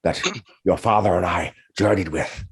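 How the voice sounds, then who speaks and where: A man's voice: low-pitched, steady tone, normal speed, breathy edge. A man voicing a stern older male orc who gives short, commanding orders. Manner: curt, commanding. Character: stern older male orc tribe member, gruff mentor.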